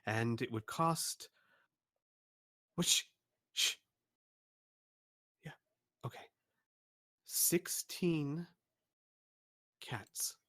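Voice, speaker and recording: A man's voice: fairly high pitch, big pitch swings, slow, bright, forceful tone, breathy edge, no echo, clean studio sound, heavily acted. A man voicing a scatterbrained, fussy shopkeeper who mutters and repeats himself in a tabletop game. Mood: musing.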